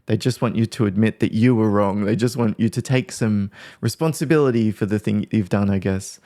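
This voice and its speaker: A man's voice: on the low side, a little fast, warm tone. A man working as a workplace mediator, giving a casual lesson, thinking aloud and acting out example phrases.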